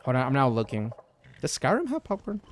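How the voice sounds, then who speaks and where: A man's voice: medium pitch, huge pitch swings, a little fast. A man from Texas chatting casually on a gaming livestream, rambling between topics and reading chat messages aloud. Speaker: streamer.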